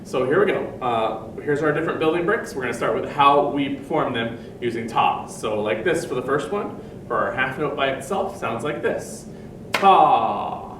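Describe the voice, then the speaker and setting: A man's voice: mid-range voice, animated, moderate pace, roomy sound, far from the mic, background noise. A man teaching a recorded music lesson to young children, patiently explaining step by step and chanting rhythm syllables.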